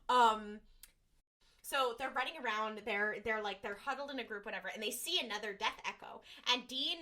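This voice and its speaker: A woman with a bright, fairly high voice chats through a podcast recap. She rambles with plenty of "like" and "um", slipping into quick impressions of the characters. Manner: rambling, lots of "like" and "um", acts out lines. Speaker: podcast co-host. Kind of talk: casual recap chat.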